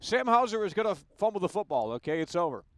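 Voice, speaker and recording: A man's voice: sits high, very animated, quick pace, dry recording. A man hosting a casual call-in chat from outdoors, teasing and stammering over his restarts. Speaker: host. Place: outdoors in the cold on a bench.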